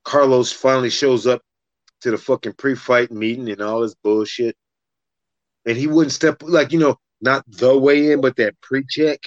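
Male storyteller, profane and animated, mid-range voice, dry and slightly muffled. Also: mid-range voice, moderate pace, no room sound. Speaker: fighter telling a story. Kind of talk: casual storytelling in a podcast chat.

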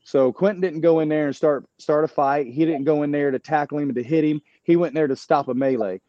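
A fighter recounting a brawl in casual, profane, rambling talk, full of restarts. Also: male voice, a little high, quick pace, dry recording, dull audio. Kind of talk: casual storytelling.

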